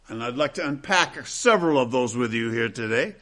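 A man preaching an expository sermon, quoting scripture at length in a measured cadence and slowing to stress key phrases. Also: on the high side, lively intonation, pushed and bright. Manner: deliberate, emphatic, with slowed stresses on key phrases.

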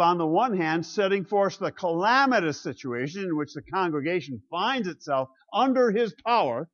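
A man giving a classroom lecture on the Psalms, emphatic and animated, with rhetorical questions and chuckles. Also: high voice, normal speed, hardly any pauses, highs cut off. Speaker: Bible lecturer.

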